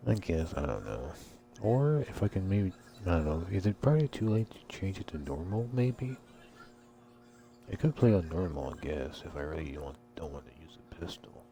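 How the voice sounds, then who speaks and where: A man's voice: low-pitched, very animated, normal speed, dark tone. A man giving casual let's-play commentary, rambling and crude, swearing a lot. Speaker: gameplay commentator. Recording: game music behind voice.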